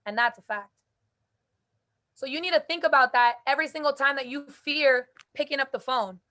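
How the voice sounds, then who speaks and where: A young woman hosting a group call, giving an energetic, emphatic motivational talk with casual slang. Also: sits high, normal speed. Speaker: host speaking to a call group.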